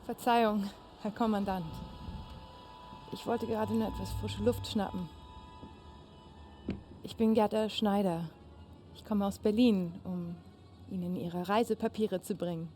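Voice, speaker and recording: An actress playing a French resistance fighter posing as a German secretary in a video game cutscene, polite and guarded. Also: female voice, mid-range voice, steady tone, measured pace, pauses often, dark tone, lightly acted. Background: game score music.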